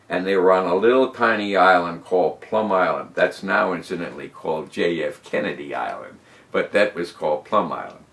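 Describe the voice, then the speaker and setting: A man in his nineties, a war veteran telling his story in an oral history interview with emphatic rises and drops. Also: reverberant. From United States. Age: 90s. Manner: animated, emphatic storyteller who rises and drops in pitch and loudness. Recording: voice from a distance off the mic.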